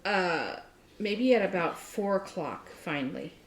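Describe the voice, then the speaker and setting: A middle-aged woman co-hosting a crafting chat, telling a story with lively acted-out quotes. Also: fairly low pitch, measured pace, roomy sound, a little hiss or hum. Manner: animated storytelling, acts out quotes. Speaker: crafting podcast co-host. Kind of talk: casual chat.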